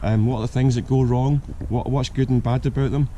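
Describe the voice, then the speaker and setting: A man with a croaky voice from a cold, hosting and giving casual buying advice with lots of ums and restarts. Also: mid-range voice, steady tone, fairly quick, mellow, lo-fi sound, a little hiss or hum. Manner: hesitant, many ums and restarts. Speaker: car channel host.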